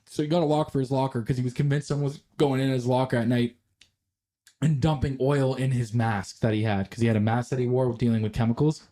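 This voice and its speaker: A man's voice: medium pitch, fast. A young man co-hosting a podcast, telling rambling workplace stories with lots of swearing and acted-out quotes. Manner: animated, swearing, acts out quotes. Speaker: podcast co-host. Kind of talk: casual storytelling chat.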